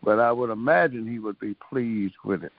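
A man remembering a former coach in an interview, groping for words with many pauses and restarts. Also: on the low side, no echo, narrow, tinny audio. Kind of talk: reflective interview recollection.

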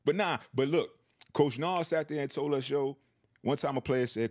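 A man's voice: mid-range voice, moderate pace, darkish tone. A middle-aged man, a former pro football player co-hosting a podcast, arguing his point emphatically with profane, repeated catchphrases. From Queens, New York. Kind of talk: heated sports debate.

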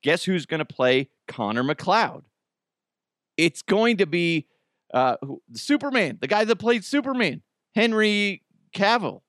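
Animated rambling male podcast host. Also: unhurried, dry recording, studio quality. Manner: rambling, animated, jumps into high excited quotes. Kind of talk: casual chat.

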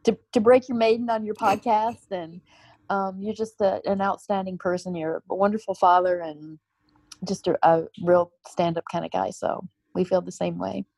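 A woman's voice: medium pitch, steady tone, normal speed, gravelly, a little mellow, husky, no room sound, rough recording. A woman guest on a podcast, speaking sincerely and kindly. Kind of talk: casual interview talk.

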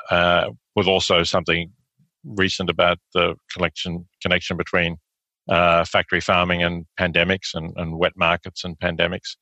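Deep, flat-voiced Australian man. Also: no room sound, dull audio. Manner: measured, hesitant with many fillers. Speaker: guest philosopher. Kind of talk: interview answers.

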